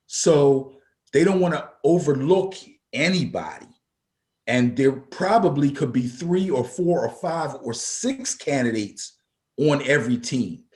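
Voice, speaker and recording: A man's voice: mid-range voice, animated, measured pace, darkish tone. A man co-hosting a casual football talk show, emphatic and prone to repeating himself. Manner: emphatic, repeats words when fired up. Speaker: sports talk show co-host. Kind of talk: casual sports radio chat.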